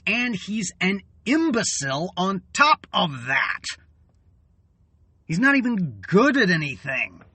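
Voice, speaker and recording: Slow, bright-voiced angry man ranting. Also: high-pitched, big pitch swings, slightly rough, no echo. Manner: angry, swearing, halting with sudden loud bursts. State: weary and fuming. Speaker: channel host. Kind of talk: political rant monologue.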